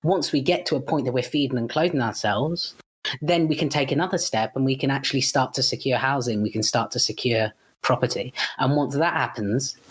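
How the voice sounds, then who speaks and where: A man's voice: mid-range voice, husky. A man speaking as a guest in an unscripted podcast discussion. He talks bluntly and with heat, swears freely, and often restarts and corrects himself mid-sentence. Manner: frequent false starts and self-corrections.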